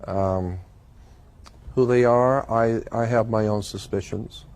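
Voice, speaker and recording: Brief: male guest, mellow and warm, earnest storyteller in a talk interview. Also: fairly low pitch, steady tone. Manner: earnest, deliberate, recounting quoted dialogue. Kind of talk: personal storytelling in conversation.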